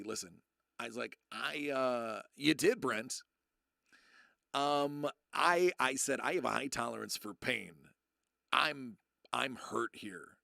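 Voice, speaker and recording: Gravelly-voiced man telling a story. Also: pushed and bright, no echo, clean studio sound. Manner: rambling, self-interrupting, acts out quotes in a low voice. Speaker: streamer. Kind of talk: casual storytelling to a live chat.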